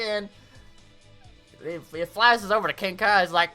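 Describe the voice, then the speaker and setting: A woman's voice: medium pitch, faint music behind. A woman giving a casual, rambling review of a cartoon episode, recapping scenes in a chatty way. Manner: rambling, animated recap with quick acted-out quotes.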